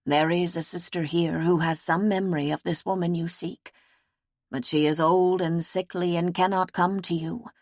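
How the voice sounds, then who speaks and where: A kindly, calm nun offers gentle reassurance in a low, even woman's voice, read by an audiobook narrator. The sound is close-miked and dry. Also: normal speed, no room sound. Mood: gentle, reassuring.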